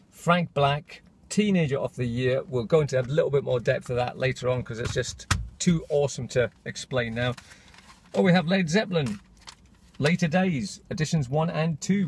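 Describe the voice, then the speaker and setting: A man chatting casually to his camera in a rambling, self-interrupting way. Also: fairly high pitch. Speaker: vlogger.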